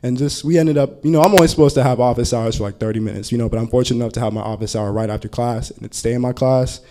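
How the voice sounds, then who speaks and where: A man who teaches college counseling tells a story to a panel audience with a mellow, warm voice. He talks casually and says "like" over and over, and his pitch sits in the middle range. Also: fast, a little hiss or hum. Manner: casual, heavy use of filler "like".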